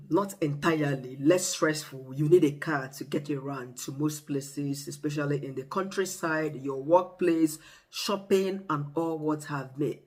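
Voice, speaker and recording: A vlogger with a Nigerian accent talks straight to camera in a relaxed, chatty way. The delivery is expressive and animated, with vivid storytelling. The voice sits at a middling pitch. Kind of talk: casual talk to camera.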